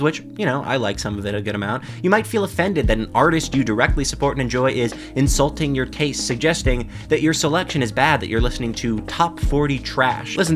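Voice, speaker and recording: A man hosting a comedic commentary monologue, sarcastic and deadpan, now and then laughing at his own jokes. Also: medium pitch.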